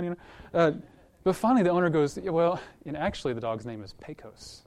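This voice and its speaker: A male pastor preaching a sermon in a conversational way, telling a story with lively acted-out voices and repeating words as he restarts, then praying. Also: fairly high pitch, quick pace. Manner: animated storytelling, acts out quoted voices.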